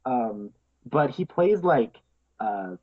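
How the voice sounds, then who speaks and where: An eager man talks through a film with a co-host, tumbling over fillers and laughing between thoughts. His voice is a little husky, and the audio is dull and lo-fi. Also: mid-range voice, very animated, slow. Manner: enthusiastic, laughs often, many fillers. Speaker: podcast co-host. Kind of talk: casual film discussion.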